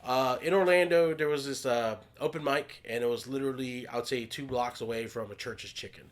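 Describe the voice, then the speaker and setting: A man co-hosting a casual podcast, telling an animated story, acting out quotes and swearing freely. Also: medium pitch, brisk. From United States. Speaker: podcast co-host.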